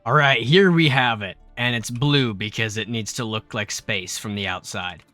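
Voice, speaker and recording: A man's voice: medium pitch, normal speed, bright, forceful tone, no room sound, faint music behind. A young man casually talking and swearing at his mistakes while building a spaceship in a game. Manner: swears freely, grumbles and exclaims at mistakes; rambling storytelling with filler words.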